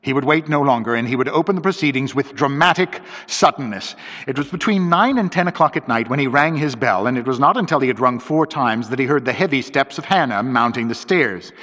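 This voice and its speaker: A man narrating a mystery story in a measured, dramatic way, on a dull lo-fi recording with long reverb. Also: mid-range voice, lively intonation, pushed and bright.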